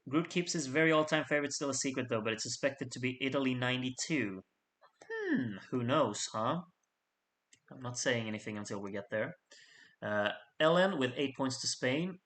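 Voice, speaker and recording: A man's voice: mid-range voice, a little fast, a bit bright. A man hosting a live fan vote, reading out points with chatty, jokey asides to his audience. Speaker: host reading out fan contest votes. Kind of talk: casual live voting commentary.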